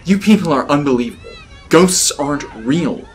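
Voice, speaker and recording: Guy putting on a higher-pitched young skeptic, indignant, keeps insisting. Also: lively intonation, moderate pace, slight background noise, natural voice. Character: young, skeptical, easily frustrated man.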